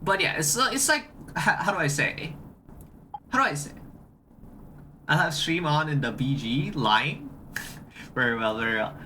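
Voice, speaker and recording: Streamer just chatting on a live stream, bouncy pitch, says everything twice, lots of restarts. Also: animated, measured pace, pauses often, pushed and bright, slight background noise. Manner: repeats phrases, greets chat, frequent restarts. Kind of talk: casual livestream chat.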